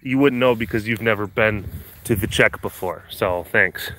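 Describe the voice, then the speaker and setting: A man's voice: fairly low pitch, normal speed, a bit bright, slight background noise. A man hosting a live stream, reading viewer comments with playful teasing and frequent laughter. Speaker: livestream host at a big cat facility.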